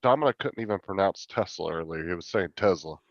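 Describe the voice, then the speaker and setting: A man's voice: low-pitched, lively intonation, quick pace, no room sound, highs cut off. A man asking teasing questions in casual banter with friends over voice chat. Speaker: stream participant.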